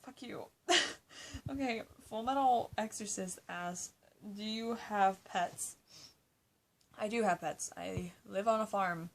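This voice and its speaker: A woman's voice: mid-range voice, slow pace. An eighteen-year-old woman answering fan questions in a casual vlog. She chats loosely, laughs often, swears and fills her talk with "like". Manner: chatty, swears, laughs often, many "like" fillers.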